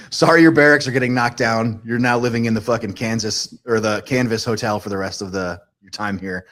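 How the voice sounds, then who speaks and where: A man hosting a casual video chat show, an Army veteran who talks in an animated, profane way and laughs a lot. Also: medium pitch, moderate pace. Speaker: podcast host, Army veteran.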